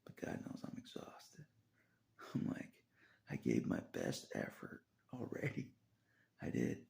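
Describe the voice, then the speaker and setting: An exhausted man rambling in a half-whispered voice. He repeats himself and chuckles softly between phrases. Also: extremely low pitch, wildly swooping pitch, a little slow, creaky. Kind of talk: rambling spoken confession.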